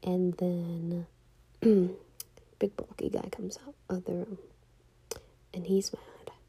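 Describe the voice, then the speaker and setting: A young woman with a low, dark voice that turns husky and gravelly tells a personal story. She talks casually, often dropping into a hushed half-whisper, and fills her sentences with "like". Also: level tone, slow pace.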